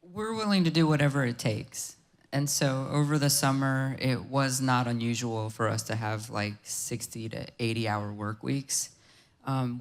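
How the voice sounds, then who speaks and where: A man's voice: medium pitch, clean tone. A man with a middle-range voice answers the speaker's question at a business conference. He talks in a plain, earnest way. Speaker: conference attendee.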